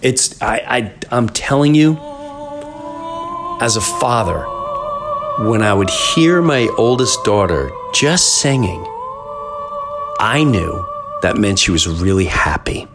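A middle-aged man hosting a podcast, telling a story in an animated, rambling way and often repeating himself. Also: on the low side, takes it slowly, long pauses, music in the background. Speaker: podcast host. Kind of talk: casual storytelling monologue.

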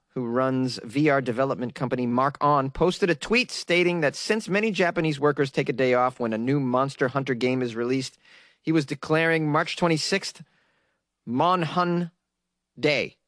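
A man's voice: a little high, no room sound, clean studio sound. Joking man hosting comedic news. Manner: chatty, joking, asks viewers questions. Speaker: comedy show host.

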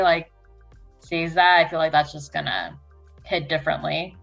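A woman's voice: sits low, moderate pace, gravelly, long pauses, fairly bright tone, soft background music, rough recording. A woman co-hosting a casual chat show, talking hesitantly with many fillers. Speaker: podcast co-host.

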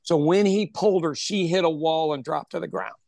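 A man who owns a pub, telling an animated story in casual chat, acting out what people said and swearing freely. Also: fairly high pitch, fairly quick, vocal fry, dry recording, studio quality. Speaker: podcast host telling a story; pub owner.

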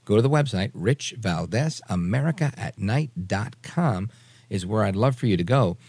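Brief: low, gravelly male talk-radio host, dry close studio sound, emphatic and opinionated. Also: expressive, normal speed, a little mellow, no echo. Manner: emphatic, repeats phrases for emphasis, mimics people he discusses. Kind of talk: opinionated political talk commentary.

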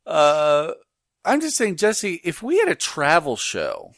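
A man co-hosting a podcast in casual chat, animated and laughing often. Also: a little high, slow, vocal fry, no room sound, studio quality. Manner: animated, laughs often, does silly voices in stories. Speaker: podcast co-host.

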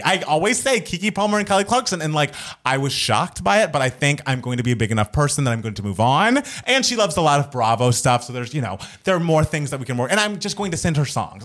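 A young adult man co-hosting a podcast, telling stories in a playful, animated way with campy asides. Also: fairly high pitch, fast talker, few pauses. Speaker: podcast co-host. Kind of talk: casual chat.

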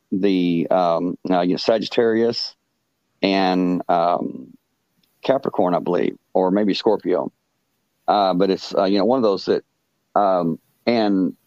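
Deep-voiced man telling a halting story. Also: darkish tone, no echo, dull audio. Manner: halting, full of "you know" fillers and restarts. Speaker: podcast guest. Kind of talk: casual storytelling.

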